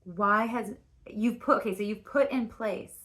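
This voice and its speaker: A woman's voice: medium pitch, a little slow, a bit bright. A woman giving a casual spoken tarot reading, rambling and restarting her sentences, with frequent fillers and casual swearing. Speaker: tarot reader.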